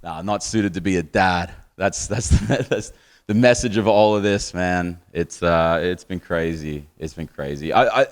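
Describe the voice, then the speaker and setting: A deep-voiced Australian comedian in his thirties performs a crude, rambling stand-up set on a live stage, chuckling at his own jokes. He talks at a normal speed.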